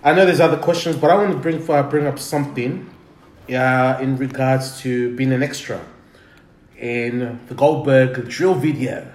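A man hosting a casual podcast chat, laid-back and chatty, giving shout-outs. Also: mid-range voice, moderate pace. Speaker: podcast host. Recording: roomy room with faint noise.

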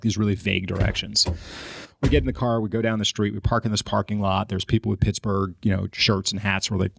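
A man telling a story as a podcast guest, animated and acting out his own frustration. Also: lowish voice, vocal fry, no echo, studio quality. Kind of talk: storytelling in casual podcast chat.

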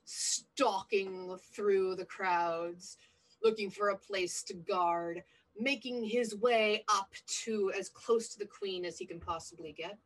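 A woman's voice: medium pitch, poor audio. A woman playing a tabletop game, casually describing her character's moves. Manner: casual, drawn-out, musing. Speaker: player.

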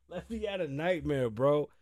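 A man hosting his own talk show, telling stories in a loose, profane, laughing way. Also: a little high. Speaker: podcast host. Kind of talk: casual storytelling monologue.

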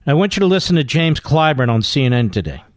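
A man's voice: a little high, very animated, quick pace, no echo, studio quality. Combative talk radio host man. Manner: combative, scornful, emphatic.

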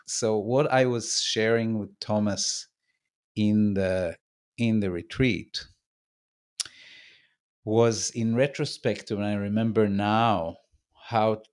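A man in his seventies from Israel, a podcast guest telling a memory slowly, searching for words and restarting. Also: on the low side, steady tone, a little mellow. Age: 70s. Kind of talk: reflective storytelling conversation.

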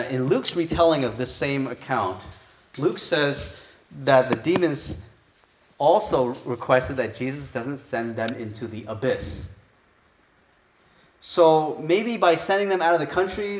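Male pastor, conversational sermon, thinks aloud, rhetorical questions, mid-pitched voice, echoey church room. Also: normal speed, slight background noise.

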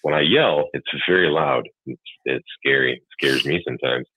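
A man talking in casual chat in a measured, reflective way, at times in a flat mumble. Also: rumbling low, breathy edge, no echo. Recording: dry, phone-like thin sound.

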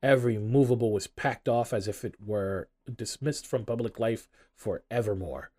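A man narrating a classic novel aloud in an expressive, storytelling manner. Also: fairly low pitch, moderate pace, husky. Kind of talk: audiobook narration.

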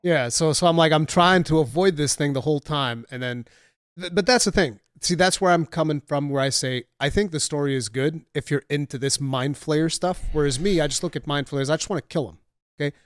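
A man's voice: fairly high pitch, a little fast, smooth, dry recording, studio quality. A man in casual gaming chat on a podcast, telling stories animatedly and swearing freely. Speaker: podcast co-host or guest.

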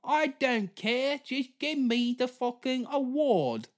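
Greedy, demanding diva actress, squeaky and high, done by a man. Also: expressive, takes it slowly, exaggerated voice. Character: pompous famous English actress hungry for awards.

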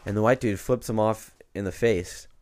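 Laid-back young man, smooth voice. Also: fairly low pitch, moderate pace. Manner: laid-back, slangy, animated when telling a story. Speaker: podcast co-host. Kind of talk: casual chat, storytelling. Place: home podcast studio.

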